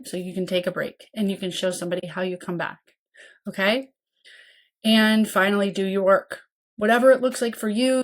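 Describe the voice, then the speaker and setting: A woman hosts a podcast and talks listeners through a lesson in a casual, earnest way. She keeps checking in with a quick "okay?" and slips into the voices of anxious caregivers to show what they think and feel. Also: medium pitch. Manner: earnest and coaching, with frequent "okay?" check-ins; acts out worried caregivers' inner voices. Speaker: podcast host and mentoring program founder. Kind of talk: casual teaching monologue.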